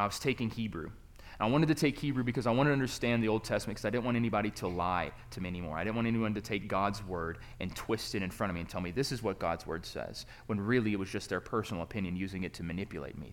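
A young man preaching a sermon, telling a personal story in a conversational way that swings from quiet reflection to loud, excited emphasis. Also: on the low side. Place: church.

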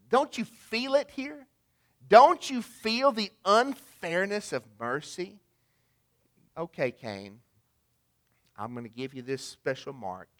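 A pastor preaches a sermon in a conversational way, asking the congregation rhetorical questions. His voice is fairly high in pitch with a fairly bright tone.

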